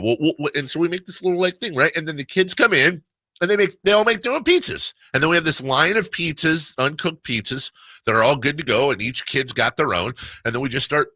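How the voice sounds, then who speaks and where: A man's voice: mid-range voice, bright, forceful tone, dry recording. A middle-aged man hosting a sports radio show, rambling and laughing through a casual story. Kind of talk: casual chat.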